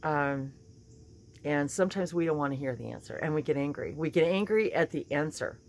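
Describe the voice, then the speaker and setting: A woman with a slightly hoarse morning voice, giving a casual spiritual talk, chatty and laughing often, with many fillers and restarts. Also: low-pitched, fairly quick, a little mellow, a little hiss or hum. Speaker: spiritual channeler and teacher.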